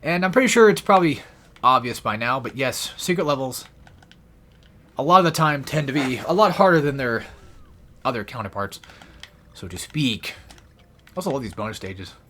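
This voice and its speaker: A man rambling through a let's play with lively ups and downs in his pitch, swearing freely and making fun of himself. He sounds a little winded, with a middle-pitched voice. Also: normal speed, pauses often, slight background noise. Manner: rambling, profane, self-deprecating. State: out of breath. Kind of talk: casual gameplay commentary.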